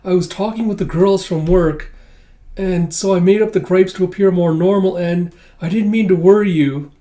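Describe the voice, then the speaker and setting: A man voicing a sweet, flustered young wife, raising his voice high and sounding eager and apologetic. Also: animated, a little fast, darkish tone, natural voice.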